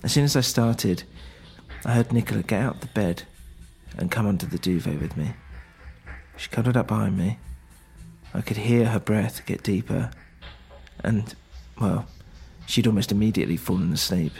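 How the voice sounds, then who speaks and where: A man's voice: lowish voice, normal speed, gravelly, darkish tone, soft background music. A man narrating a first-person story, a little hesitant at times.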